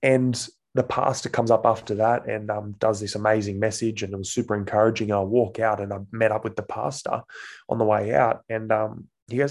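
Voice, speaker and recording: A man in his twenties with an Australian accent and a low, gravelly voice. He tells his story in an easygoing way, with lots of fillers. He acts out the voices of the people he quotes. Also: little pitch movement, a little fast. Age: 20s. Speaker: guest, actor. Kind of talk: casual storytelling interview.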